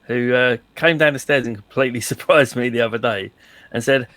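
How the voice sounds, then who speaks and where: A man's voice: medium pitch, fairly quick, a bit bright, dry recording. A man telling a jokey anecdote in casual chat with friends. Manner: chatty, jokey storyteller. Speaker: player.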